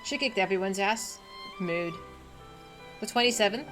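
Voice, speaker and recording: A woman streaming a game, chatting casually in an excitable, emotional way. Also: mid-range voice, moderate pace, soft background music. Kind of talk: casual gameplay chat.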